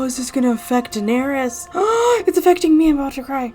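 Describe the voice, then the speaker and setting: A woman hosting a reaction video, commenting casually and excitably, gasping and talking to the screen. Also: sits high, a little fast, hardly any pauses, a little hiss or hum.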